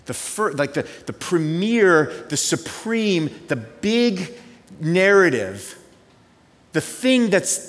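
Pastor, male, slightly high voice, chatty sermon delivery, quiet asides and sudden bursts of excitement, long church reverb. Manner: conversational, swings from hushed reflection to excited storytelling. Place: church sanctuary. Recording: reverberant hall.

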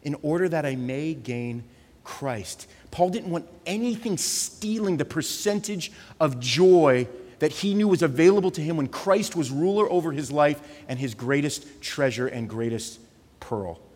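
A man preaching a sermon with passion, repeating words for emphasis and dropping softer for reflective passages. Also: fairly high pitch, lively intonation, measured pace, in a large hall. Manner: impassioned, repeats words when stressing a point. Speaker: pastor.

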